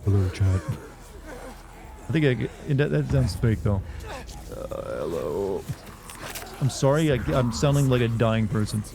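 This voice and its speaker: A man's voice: medium pitch, brisk, gravelly, hardly any pauses, noisy background. A man streaming a game, chatting casually in a rambling, self-mocking way.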